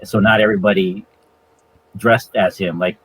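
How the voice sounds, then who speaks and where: A man in his forties, a father, chatting casually on a podcast, hesitant with many pauses and chuckles. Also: lowish voice, fairly even intonation, a bit bright, breathy edge, poor audio. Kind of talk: casual chat.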